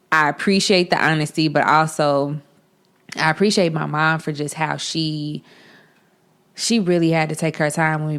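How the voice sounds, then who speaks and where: Woman, thirties, from Chicago, low voice, podcast host, candid personal storytelling, animated. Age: 30s. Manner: candid, animated, acts out the dialogue.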